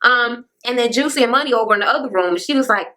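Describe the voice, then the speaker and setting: A woman's voice: a little high, fast talker, pushed and bright. A woman recapping a reality show in a blunt, profane rant, mimicking the people she quotes.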